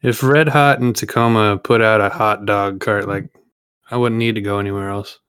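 A man with a fairly low voice chats casually on a podcast, cracking jokes and laughing easily. The recording is dry and close, with no room sound. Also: fairly even intonation, moderate pace, a bit bright, clean tone, no echo, low-quality recording. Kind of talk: casual chat.

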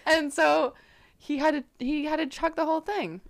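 A young woman co-hosting a podcast, telling a rambling story full of fillers and quick apologies. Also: sits high, fairly even intonation. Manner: rambling storyteller, filler-heavy, self-deprecating. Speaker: podcast co-host. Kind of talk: casual chat.

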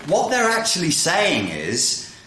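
A man excitedly explaining a philosophy idea in casual video talk, often cutting himself off to reel himself back in. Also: fairly high pitch, slow pace, slight background noise. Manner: excitable, self-interrupting, jumps between tangents. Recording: roomy echo.

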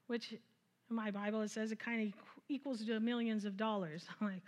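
A woman preaching a conversational sermon, retelling scripture with lively asides and frequent laughter. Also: on the high side, normal speed.

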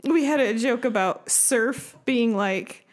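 Giggly American woman, podcast host. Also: a little high. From United States. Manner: playful, giggly and quick with jokes. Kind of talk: casual chat.

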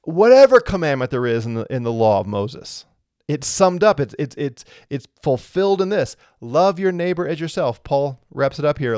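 Earnest preacher, dry sound. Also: male voice, fairly high pitch, big pitch swings, moderate pace, darkish tone, no echo. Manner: earnest, emphatic, repeats phrases. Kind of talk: sermon.

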